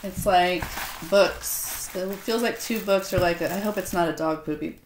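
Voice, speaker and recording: A woman's voice: fairly low pitch, moderate pace. Sarcastic woman vlogging in a roomy home. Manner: sarcastic, self-mocking banter. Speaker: author unboxing a gift box. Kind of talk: casual unboxing vlog. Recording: roomy echo, faint noise.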